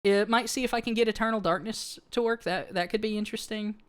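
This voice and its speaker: Here a woman streamer talks quickly in a clear, resonant mid-range voice with fairly even intonation. Casual and rambling, full of fillers and restarts, she reads her viewers' comments out loud and replies to them.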